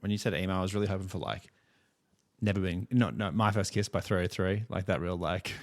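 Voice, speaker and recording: A man's voice: deep voice, steady tone, fairly quick. A young man co-hosting a music podcast, teasing his co-host in dry, casual chat. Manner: dry, teasing, laughs easily.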